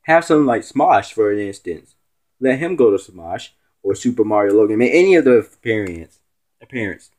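A man's voice: animated, normal speed, a little mellow. A man hosting a casual vlog as a stand-in, rambling and teasing as he rants to his viewers. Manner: rambling and teasing, with swooping pitch. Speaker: stand-in show host.

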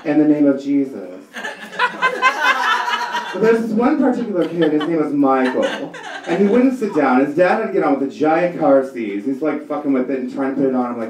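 A man's voice: a little high, big pitch swings, normal speed, noisy background. A man in his thirties doing a stand-up comedy set, ranting in an exasperated, profane way. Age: 30s. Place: comedy club stage before a live audience. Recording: echoey room, distant mic, loud audience laughter.

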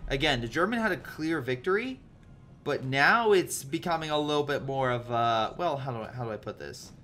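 A man giving chatty, animated play-by-play commentary on a strategy game replay, with lively asides to his viewers. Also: medium pitch, moderate pace, a little hiss or hum. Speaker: video game replay caster.

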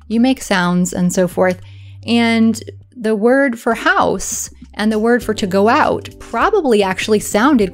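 A woman hosting an educational video, explaining patiently and clearly and often checking in with the viewer. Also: mid-range voice.

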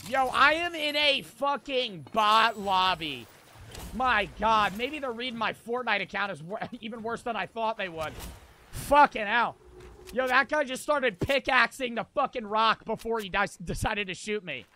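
A man streaming gameplay in casual commentary, brash and profane, answering chat with quick irritation. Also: sits high, expressive, pushed and bright, slight background noise. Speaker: streamer playing a battle royale game.

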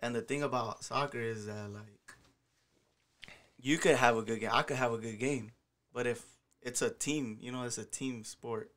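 A man chats casually on a podcast. His voice sits in a middle pitch, and his talk runs loose and slangy, full of swearing and filler words. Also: fairly even intonation, moderate pace, fairly bright tone, slight background noise. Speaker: podcast guest, soccer player.

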